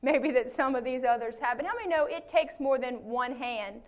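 Woman pastor, high voice, folksy and lively delivery, preaching with amens. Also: normal speed. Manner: folksy and animated, with frequent amens. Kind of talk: sermon.

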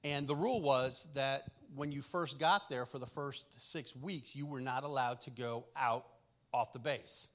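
Chuckling as he tells family stories, a middle-aged preacher gives a relaxed sermon in a conversational style, often restarting his sentences. He has a mid-range voice and speaks a little slowly.

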